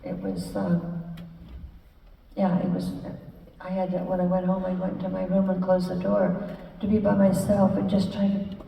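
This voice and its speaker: Brief older woman, gravelly, in an echoey hall. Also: lowish voice, monotone, slight background noise. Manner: halting, warm storytelling with many fillers and restarts. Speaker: guest telling her life story. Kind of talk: live stage conversation with audience. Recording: echoey hall, speaker far from mic.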